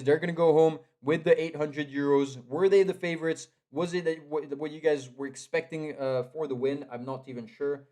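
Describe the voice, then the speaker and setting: A young man giving live commentary on a strategy game match. He is excitable, repeats himself and talks straight to the players. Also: on the high side, moderate pace, few pauses. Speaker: esports caster.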